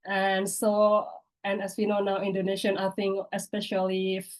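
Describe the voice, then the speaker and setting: A woman, hoarse from a cold, giving a hesitant practice presentation over a video call, with many fillers. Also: mid-range voice, completely flat delivery, moderate pace, poor audio. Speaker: workshop participant.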